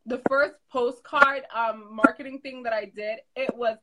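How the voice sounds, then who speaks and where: A fairly high-voiced woman chatting casually on a live stream, with clear background noise under her. She is chatty and laughs easily, and she slips into quoting herself. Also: fairly even intonation, measured pace. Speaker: host.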